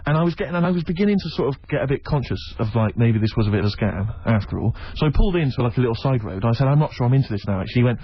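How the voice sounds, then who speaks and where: A man co-hosting a radio show, telling an anecdote in a rapid, animated way and acting out what other people said. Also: medium pitch, slightly rough, no echo. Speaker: radio co-host. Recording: dull lo-fi radio recording.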